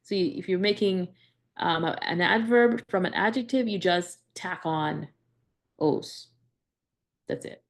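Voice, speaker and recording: Gravelly-voiced woman teaching a class. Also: lowish voice, unhurried. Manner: explains with frequent "right?" checks and restarts. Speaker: Greek teacher. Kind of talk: live class lesson.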